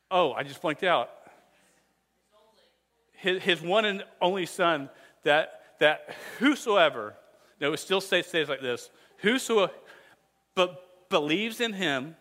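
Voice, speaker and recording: Playful, energetic pastor on a slightly high voice, leading a call-and-response sermon in a hall with a long echo. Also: male voice. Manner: jokey, energetic, leads the crowd in call-and-response. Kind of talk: playful sermon teaching memory verses with hand motions.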